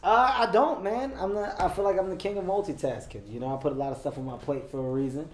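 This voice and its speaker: An American comedian being interviewed to promote his work answers with confidence and laughs easily. He talks fast in a high-sitting voice, and the room is echoey with faint background noise.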